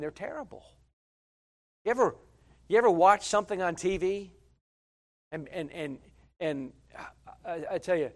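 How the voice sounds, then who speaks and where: A middle-aged man preaching a sermon as a pastor, swinging from loud, emphatic lines to quiet conversational asides, repeating phrases and stumbling over fillers. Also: high-pitched.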